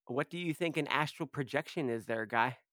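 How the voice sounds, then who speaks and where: A man's voice: medium pitch, brisk, fairly bright tone, no room sound, studio quality. A man playing in a tabletop game, trading sarcastic, teasing banter in character. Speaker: player. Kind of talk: casual role-play banter.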